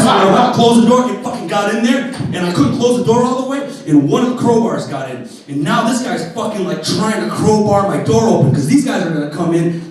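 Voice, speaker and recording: A man doing stand-up, telling a long story in an animated way and swearing freely. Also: high-pitched. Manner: animated, profane. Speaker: stand-up comedian. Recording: echoey room, distant mic.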